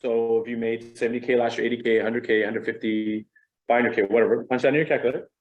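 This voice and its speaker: A man's voice: medium pitch, flat delivery, quick pace, highs cut off. A middle-aged man giving a casual training talk to real estate agents. He speaks conversationally and animatedly, with a self-deprecating manner.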